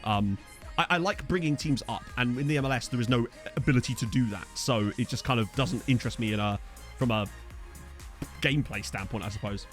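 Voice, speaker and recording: A man's voice: mid-range voice, brisk, soft background music. A tired man chatting casually as a game streamer, rambling and self-deprecating while answering viewers, with lots of fillers. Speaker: gaming streamer. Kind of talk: casual let's-play chat reading viewer comments.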